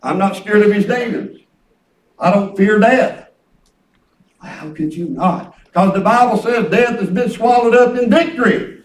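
A man preaching in a folksy, animated way, telling stories in a church. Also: high voice, a little slow. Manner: folksy, animated, peppered with "praise God". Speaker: pastor. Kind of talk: sermon storytelling. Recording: echoey church from far off.

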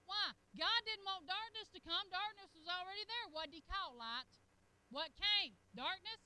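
A middle-aged woman preaching a sermon in a folksy, animated way, with laughing asides, dropping to a hush and rising to a loud call. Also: very high-pitched, moderate pace, poor audio.

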